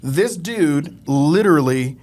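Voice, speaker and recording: A man telling casual stories as a podcast guest, animated and often laughing as he talks. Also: fairly high pitch, takes it slowly. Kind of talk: casual storytelling.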